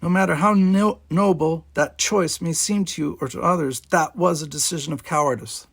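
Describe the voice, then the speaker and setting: A man's voice: a little high, moderate pace, vocal fry, a bit bright, slightly rough, pitched above the performer's own voice, full character voice. A man putting on a proud, fierce female cadet.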